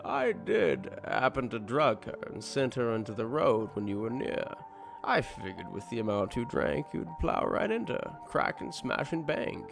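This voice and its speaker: A man voicing a cold, gleeful masked male serial killer who speaks slowly and flatly and turns menacing. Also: medium pitch, vocal fry, music in the background, voice pushed up. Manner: slow, flat and menacing, rising into glee.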